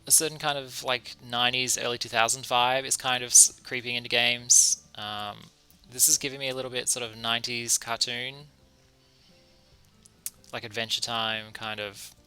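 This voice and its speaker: A man's voice: mid-range voice, flat delivery, normal speed, bright, forceful tone, clear, resonant tone, faint music behind. A man giving casual commentary while playing a video game, musing aloud and chuckling to himself. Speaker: let's-play gamer.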